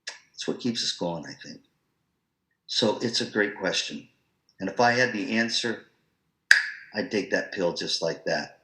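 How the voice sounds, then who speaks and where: A man presenting an online professional-development talk to music teachers, in a lively, conversational, storytelling manner. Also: sits low, a little slow, pauses often, reverberant, rough recording.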